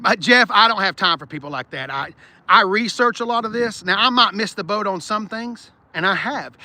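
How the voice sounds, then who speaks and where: A man's voice: high voice, sharp tone. A man hosting a live car-lot stream outdoors, talking bluntly and joking with viewers, with no microphone and wind hitting the mic. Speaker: car channel host. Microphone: no external mic, wind on the mic.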